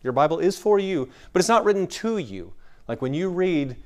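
A man's voice: high voice, very animated, moderate pace, darkish tone. A man from West Texas teaching scripture to a room of people in a conversational lecture, explaining through everyday stories. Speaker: Bible teacher. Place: room with an audience.

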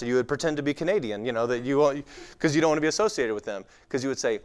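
A man from West Texas, lightly accented, speaks quickly and animatedly in a clean, medium-pitched voice. He's teaching the Bible informally to a live audience, chatting along with many fillers and performing the voices of those he quotes.

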